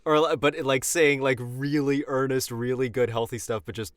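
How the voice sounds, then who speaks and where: A man's voice: medium pitch, fairly even intonation, moderate pace, dry recording, studio quality. A man co-hosting a podcast, chatting casually and playfully and often losing his train of thought. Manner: playful, joking, trails off often. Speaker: podcast co-host. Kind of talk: casual chat.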